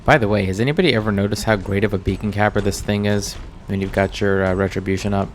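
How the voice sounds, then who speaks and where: A man's voice: on the low side, steady tone, fast, slight background noise. An American man commenting casually over his own gameplay as channel host, chatty and distracted, full of ums and uhs. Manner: chatty, distracted, filler-heavy.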